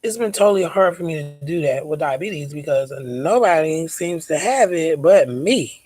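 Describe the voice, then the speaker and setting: In a roughly recorded, casual vlog, a mother vents emphatically about her child's diabetes, repeating words for emphasis and at times nearly whispering. She has a low, slightly mellow voice with lively intonation and speaks at normal speed.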